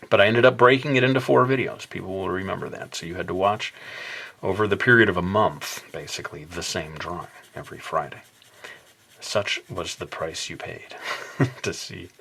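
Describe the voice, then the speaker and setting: Lower-voiced man narrating a drawing tutorial. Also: vocal fry. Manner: relaxed, rambling, self-deprecating with playful asides. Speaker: drawing instructor.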